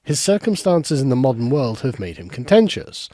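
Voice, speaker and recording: A man narrates a scripted video essay in a measured, formal delivery. His pitch moves in a lively way through each sentence. The recording is dry and close. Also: no room sound.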